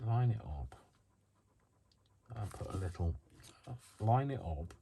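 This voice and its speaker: A craft vlogger with a low, dark, expressive voice and vocal fry chats casually and slowly while crafting, rambling, mocking himself, and talking to himself as he works. It's a noisy home recording on a built-in camera mic, and the mic isn't working.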